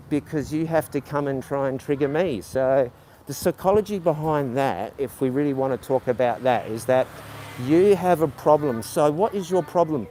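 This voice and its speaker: A man's voice: on the high side, mellow. A man with a stutter hosting a casual walking livestream, rambling with many ums and firing back sarcastically at his chat. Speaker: livestream host. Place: outdoors on city streets. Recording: faint street noise behind.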